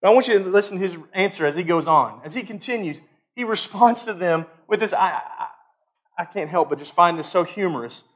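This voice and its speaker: High-voiced man preaching earnestly. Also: animated, fairly quick. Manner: earnest, builds to loud emphatic peaks then drops quiet; repeats and restarts phrases. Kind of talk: sermon.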